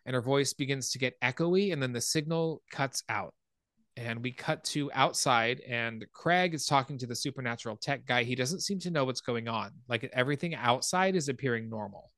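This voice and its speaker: Bright-voiced man recapping a film. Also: dry recording, studio quality. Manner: animated storytelling, rises in pitch when excited. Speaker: podcast host.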